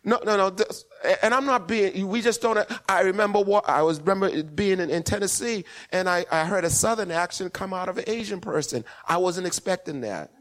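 A man preaching a sermon to his congregation, his voice sitting a little high for a man. He works in call-and-response, swinging up to emphatic peaks and then dropping back down. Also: a little fast, hardly any pauses, fairly bright tone. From West Indian parents. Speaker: pastor.

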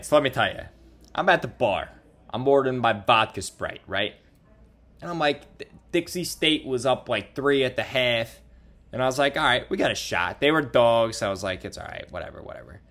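Excitable young man co-host. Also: medium pitch. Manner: excitable, self-mocking, quick asides. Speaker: podcast co-host. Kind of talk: casual storytelling chat.

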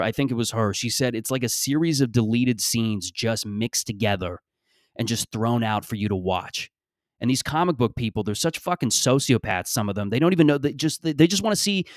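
A man's voice: medium pitch, no room sound, clean studio sound. A man around thirty hosting a solo podcast, rambling, sarcastic and profane in casual talk. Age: 30s. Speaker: podcast host.

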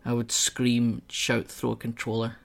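Gravelly-voiced young man bantering. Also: mid-range voice, monotone, soft background music. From Scotland. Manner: quick, self-mocking, banter. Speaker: podcast guest, streamer. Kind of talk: casual podcast chat.

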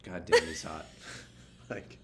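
A woman's voice: a bass voice, fairly even intonation, slow, a bit bright, a little hiss or hum. A woman co-hosting a casual podcast chat. She talks bluntly and swears constantly. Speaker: podcast co-host.

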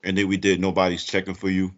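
A man hosting a podcast comedy segment as a mock judge, playful and theatrical, jumping high for emphasis. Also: monotone, fast. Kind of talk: animated casual banter, mock courtroom bit. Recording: dull lo-fi audio.

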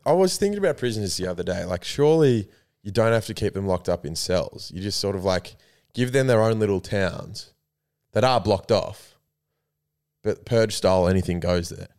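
A man's voice: lowish voice, animated, moderate pace, darkish tone. Swearing, laughing young Australian man. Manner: swearing, laughing, rambling storyteller. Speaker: podcast co-host. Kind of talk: casual chat.

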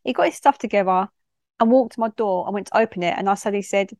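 A woman's voice: medium pitch, fast, a little mellow, no echo, clean studio sound. A woman, a youth worker reading a personal story in a direct, no-nonsense way. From London.

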